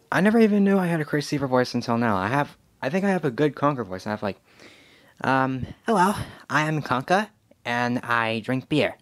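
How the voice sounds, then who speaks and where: A man's voice: medium pitch, no echo. A sixteen-year-old boy giving a casual channel update, rambling with many fillers and self-corrections, unsure of himself. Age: teen. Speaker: channel owner.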